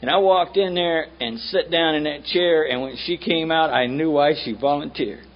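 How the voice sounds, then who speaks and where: A man's voice: a little high, moderate pace. A man with a Southern American accent, speaking bluntly and with profanity at a recovery meeting. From United States. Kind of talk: storytelling talk at a meeting. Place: meeting room. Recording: muffled old tape with faint hiss.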